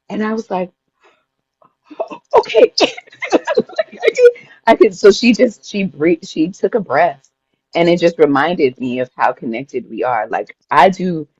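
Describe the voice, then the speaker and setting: A woman's voice: deep voice, a little mellow, slightly rough, no room sound, muffled recording. Woman telling a vivid personal story. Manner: vivid, emotional retelling that often laughs and acts out her own past words. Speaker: podcast guest. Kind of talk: personal storytelling in a casual interview.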